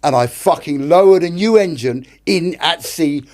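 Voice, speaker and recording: A man's voice: a little high, animated, normal speed, darkish tone. A middle-aged British man, an actor and director, tells stories as a podcast guest, swearing a lot and acting out other people's lines. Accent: British English. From Britain. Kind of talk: casual storytelling. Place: podcast studio.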